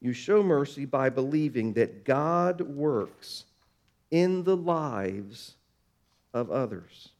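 A man preaching a sermon, slowing down for emphasis and swinging between soft, low lines and louder, higher ones. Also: animated. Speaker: pastor.

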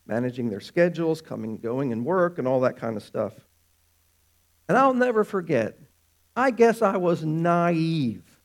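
A man preaching a sermon, animated, stretching out words for emphasis. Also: mid-range voice, gravelly. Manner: animated, drawn-out emphatic phrases.

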